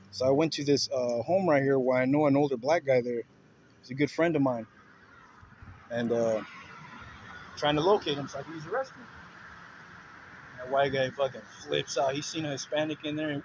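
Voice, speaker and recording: A man's voice: mid-range voice, fairly even intonation, moderate pace, pauses often, darkish tone, poor audio. A man ranting to his phone camera at a bus stop, laughing and saying "bro" constantly. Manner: laughing, slangy, repeats "bro". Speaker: vlogger filming a street confrontation. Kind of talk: casual profane rant to camera. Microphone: handheld phone. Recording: faint outdoor street noise. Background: street and traffic ambience.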